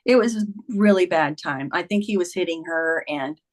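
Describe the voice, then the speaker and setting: A woman's voice: on the low side, normal speed. A woman in her fifties, a memoir author interviewed as a guest, telling personal stories earnestly and acting out the lines of others. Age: 50s. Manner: earnest storyteller, acts out quoted dialogue. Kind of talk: candid interview conversation.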